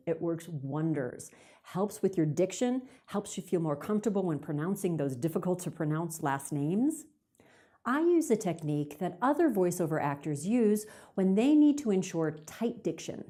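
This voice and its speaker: A woman coaching viewers in speaking, chatty and demonstrative as she talks to camera. Her fairly low voice swoops up and down a lot. She sounds like a practiced voiceover artist. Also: expressive, normal speed, dark tone. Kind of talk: direct-to-camera tips video.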